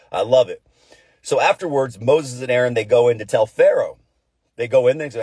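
Male Bible study host, casual and conversational, slangy retelling of scripture; husky tone, dry close sound. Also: mid-range voice, a little fast, a little mellow, no echo. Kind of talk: casual devotional Bible teaching.

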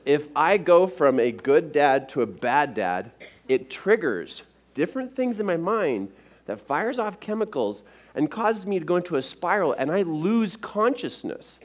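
A man's voice: fairly high pitch, measured pace. A man giving a motivational seminar talk, telling a personal story to a live audience and acting out the dialogue. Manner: animated, acts out the dialogue in his stories. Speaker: motivational speaker.

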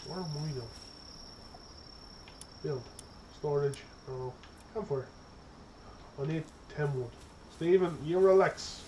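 A young man giving casual let's-play commentary, excitable and profane, chattering to his in-game pet as he plays. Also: fairly high pitch, slow pace, pauses often, background noise. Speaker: gaming streamer.

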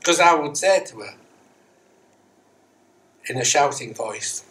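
Recorded from a distance on the church mic, with a slight hiss, this middle-aged man is a Methodist minister giving a Sunday sermon indoors in the sanctuary. His mid-range, slightly bright voice is animated and slow. He's conversational and pokes fun at himself, asking rhetorical question after rhetorical question.

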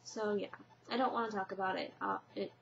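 A woman's voice: medium pitch, fairly even intonation, fairly quick, gravelly. A young woman talking casually to her camera in a rambling vlog, full of fillers and restarts. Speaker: vlogger. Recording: muffled lo-fi webcam audio with faint hiss.

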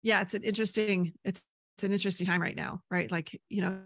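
A woman's voice: medium pitch, steady tone, fast, a bit bright. A woman who grew up in Canada, a podcast guest telling rambling stories in casual chat, often tagging her sentences with "right?". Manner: rambling storyteller, many "right?" tags.

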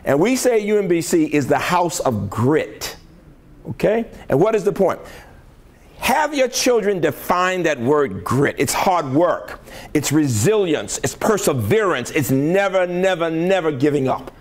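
A man's voice: a little high, big pitch swings, a little slow. An older man from the American South, a college president giving a motivational keynote speech in a conference hall, emphatic and rhetorical, often checking in with his audience.

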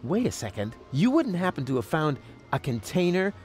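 A smug, scheming young hero. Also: male voice, fairly high pitch, big pitch swings, moderate pace, a little mellow, faint music behind. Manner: smug, sarcastic. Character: cocky young man, scheming and sarcastic. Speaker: game protagonist. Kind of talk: video game voice acting.

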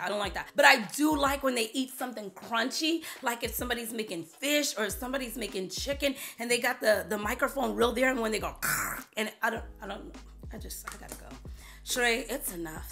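Female vlogger, bubbly chatty delivery, bright tone, vocal fry, faint music behind. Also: a little high. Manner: bubbly, chatty, repeats herself for emphasis. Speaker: beauty vlogger. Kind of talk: casual chat to camera.

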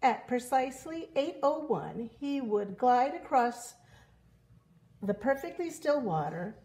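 A woman reads a children's picture book aloud in a slow, unhurried way. Her voice sits a little high and swoops with lively, animated expression. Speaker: storyteller reading a picture book. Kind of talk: children's story read-aloud.

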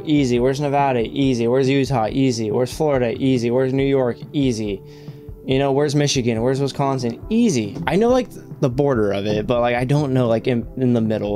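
A man's voice: mid-range voice, mellow. A man hosting a reaction video, rambling in casual commentary, swearing often and filling his talk with "like".

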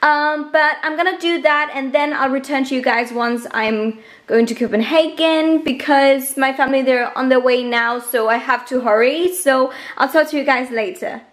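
A woman's voice: sits high, fairly bright tone. A young woman from Denmark, a native Danish speaker, chatting casually to camera as a beauty vlogger in a room at home, bubbly and gushing. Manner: bubbly, gushing, quick asides to viewers. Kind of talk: casual vlog talk to camera. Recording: echoey room.

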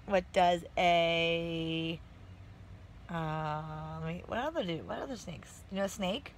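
A mother in a casual home video, asking her small child gentle questions in a sing-song voice. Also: fairly low pitch, slow, slight background noise, poor audio. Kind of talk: home video chat with a toddler.

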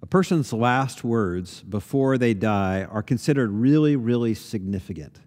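A man's voice: mid-range voice, a little mellow. Man preaching in a reverberant hall. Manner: earnest, conversational preaching with frequent restarts. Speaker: pastor. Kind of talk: sermon. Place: church sanctuary.

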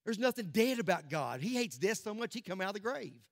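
Impassioned pastor, high voice. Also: male voice, very animated, a little fast, gravelly, no echo, studio quality. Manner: impassioned preaching that swings from loud declarations to hushed near-whispers. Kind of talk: sermon. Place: church sanctuary.

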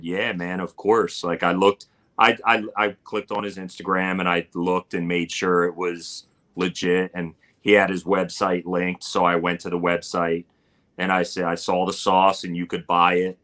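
A man's voice: deep voice, little pitch movement, moderate pace, a bit bright. A man talking casually as a guest in an interview, rambling with plenty of fillers as he tells a story. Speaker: barbecue cook and guest. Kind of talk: casual live-stream interview.

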